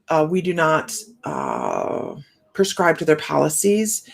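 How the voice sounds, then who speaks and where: A woman's voice: fairly low pitch, vocal fry. A middle-aged woman hosting a live stream, chatting and telling a story with many fillers and restarts, her words a little slurred from a sore jaw. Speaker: psychic livestream host. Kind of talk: casual live-stream chat.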